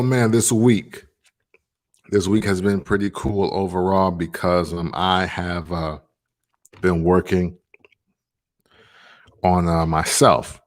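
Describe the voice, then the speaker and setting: Laid-back deep-voiced man vlogging. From Tennessee, USA. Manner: laid-back, rambling, with many fillers. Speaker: vlog host. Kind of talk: casual talking-to-camera vlog.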